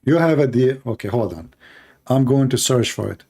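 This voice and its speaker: With a warm, medium-pitched voice, lively intonation, and a moderate pace, a man hosts a live stream reacting to a video. His commentary is mocking and sarcastic, delivered in non-native English phrasing.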